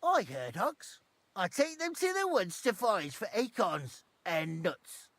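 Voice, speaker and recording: Gruff village pig herder in a game, rustic talk, swears, voice swings up and down a lot, dry close sound. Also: male voice, sits high, sing-song, a little slow, a bit bright, dry recording, heavily acted. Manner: rustic dialect, swears bluntly. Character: rough village hog herder, blunt and superstitious.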